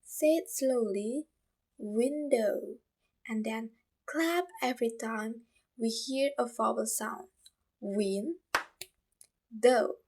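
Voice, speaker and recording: A woman student with an Indonesian accent presenting a class video lesson, explaining slowly and carefully with repeated examples. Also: a little high, darkish tone.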